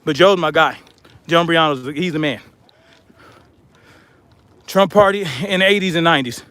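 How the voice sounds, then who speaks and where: Breathless man, high pitch, blunt outdoor vlog monologue while hiking. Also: normal speed, a bit bright, clean tone, dry recording. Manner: blunt, chatty, addresses viewers as y'all. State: out of breath from hiking uphill with a pack. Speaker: vlogger.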